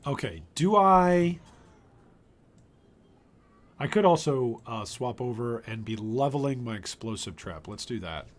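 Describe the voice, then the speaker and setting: This male streamer's voice is medium in pitch, a touch mellow, and animated, moving at a normal speed with few pauses. He thinks aloud and trails off in loose live commentary over his gameplay, though his voice is going and sounds worn.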